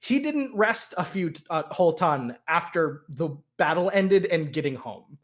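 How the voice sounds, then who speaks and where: A man's voice: fairly high pitch, animated, normal speed. A man narrating a tabletop role-playing game as game master, hesitant and full of fillers.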